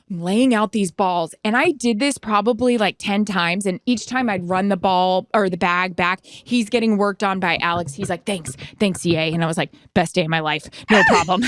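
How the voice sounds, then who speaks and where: Woman podcast cohost in her 30s, smooth clear voice, dry close sound, chatty storyteller. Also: mid-range voice, no room sound. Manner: animated storyteller, acts out quoted voices. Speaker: podcast co-host. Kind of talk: casual chat. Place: remote, at home.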